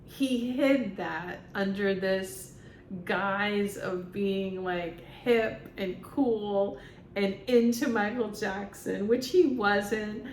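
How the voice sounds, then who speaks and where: Slow, rambling woman medium. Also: mid-range voice, reverberant, a little hiss or hum. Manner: rambling, filler-heavy, laughs often. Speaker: spiritual medium. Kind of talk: casual monologue vlog.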